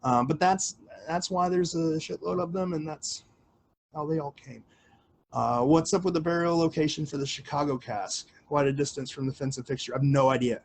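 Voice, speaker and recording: A man's voice: fairly high pitch, fairly even intonation, moderate pace, gravelly, a little hiss or hum. Rambling casual man hosting a livestream. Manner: rambling, filler-heavy, casual swearing. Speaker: livestream host answering questions.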